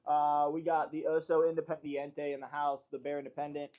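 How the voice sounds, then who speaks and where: A man's voice: a little high, flat delivery, fairly quick, highs cut off. A man hosting a casual livestream from a company studio, loose and joking at first, then earnest as he talks about preparedness. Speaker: livestream host.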